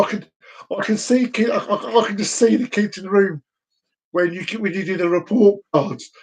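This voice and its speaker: A man with a fairly high voice, rambling through a casual, teasing monologue for his channel. He talks in bursts and often restarts his sentences. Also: poor audio. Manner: teasing, chatty, many restarts. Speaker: vlogger.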